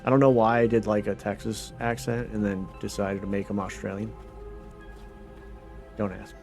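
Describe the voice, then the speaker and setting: A man's voice: lowish voice, little pitch movement, normal speed, a little mellow, faint music behind. A man giving casual, think-aloud commentary while streaming a creature game, reading menus and musing over his finds. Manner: thinks aloud, reads menus, trails off in asides.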